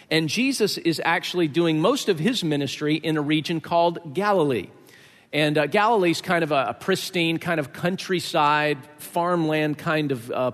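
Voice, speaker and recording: Joking preacher man in an echoey hall. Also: on the high side. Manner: conversational and joking, with many fillers. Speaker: pastor. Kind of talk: sermon.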